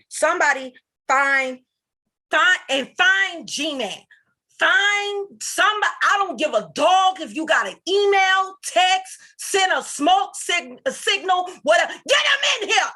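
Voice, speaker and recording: A woman with a medium-pitched, slightly bright voice addresses her livestream viewers while upset and near tears. She's agitated and halting, stammering and restarting many times.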